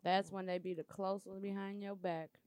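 A woman's voice: medium pitch, little pitch movement, normal speed, a little mellow, clear, resonant tone. A woman in a casual chat, making matter-of-fact remarks.

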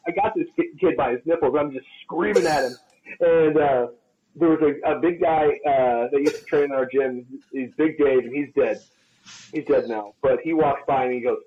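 A man's voice: medium pitch, fairly quick, highs cut off. A man co-hosting a podcast as a personal trainer, telling a story casually and profanely and acting out the quoted lines. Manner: profane, animated storyteller who acts out quotes.

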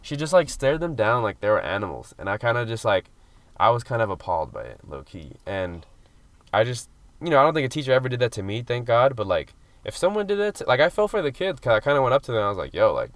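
A man's voice: mid-range voice, sing-song, quick pace, a bit bright, no echo. A man casually chatting on a podcast, telling a long story with many fillers and some swearing. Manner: rambling storytelling, frequent fillers, mild swearing. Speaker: podcast co-host. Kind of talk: casual chat. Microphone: studio mic.

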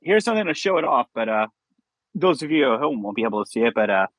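A man's voice: medium pitch, sing-song, quick pace, a bit bright, no echo. A man in his thirties from Westchester, New York, co-hosting a podcast and reminiscing in a laid-back way. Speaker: podcast co-host. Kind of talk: casual chat.

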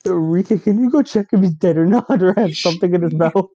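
A man's voice: sits high, fast talker, mellow, muffled recording. A young man co-hosting a casual podcast, rambling and joking and swearing freely. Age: young adult. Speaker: podcast co-host. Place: college dorm.

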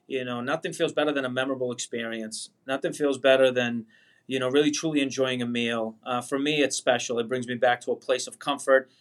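A man in his forties with a Boston accent, a guest on a podcast speaking over a video call, earnest, heartfelt and rambling. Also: mid-range voice. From Boston area, USA. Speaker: pasta manufacturer, guest. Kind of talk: casual interview chat.

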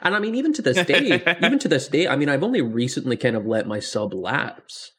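A man with a husky, slightly breathy voice chats casually as a podcast host. He talks with eager enthusiasm, rambling through thoughts and restarting sentences often. His pitch sits in an ordinary middle range. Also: big pitch swings, brisk, fairly bright tone. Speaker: podcast host, dungeon master. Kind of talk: casual chat.

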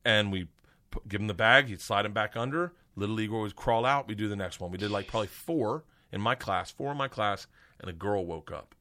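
Animated storytelling man, bright voice. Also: brisk. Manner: animated, profane, acts out characters with big pitch jumps. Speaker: comedian guest. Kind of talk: storytelling in casual chat.

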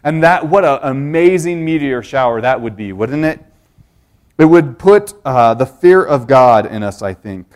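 A man's voice: medium pitch, expressive, a little slow. A man preaching a sermon, teaching earnestly with rhetorical questions and frequent restarts.

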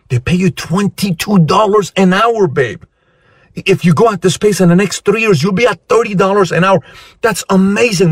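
A man's voice: medium pitch, gravelly, darkish tone, husky, no room sound, studio quality, full character voice. A man voicing a skeptical girlfriend who pleads and keeps saying babe. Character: skeptical girlfriend talking dreams down.

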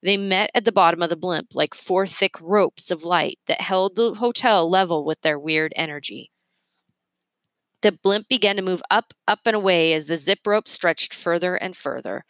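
A woman reading a children's novel aloud with expressive, measured storytelling. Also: on the low side, dry recording. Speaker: reader.

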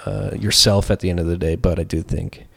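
A man's voice: sits low, steady tone, a little fast, creaky, breathy edge. A man co-hosting a casual podcast, rambling through his points with many fillers and self-corrections. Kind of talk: casual debate chat.

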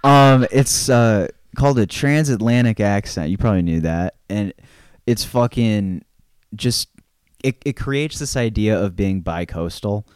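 A man's voice: on the low side, lively intonation, a little slow, darkish tone, clear, resonant tone, no room sound, studio quality. A young man co-hosting a casual film podcast, rambling and laid-back, swearing often with lots of fillers. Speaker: podcast co-host.

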